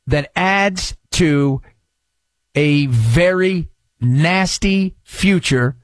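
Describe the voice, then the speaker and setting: A man's voice: high voice, no room sound. A man hosting a talk radio show, ranting with sarcasm and indignation. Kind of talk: opinionated talk radio monologue.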